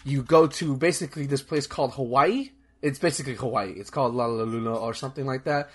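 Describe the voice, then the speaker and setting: Over a noisy crowd, a young man with a medium-pitched voice talks fast as a podcast host. His casual chat is rambling and enthusiastic, full of fillers, restarts and swearing.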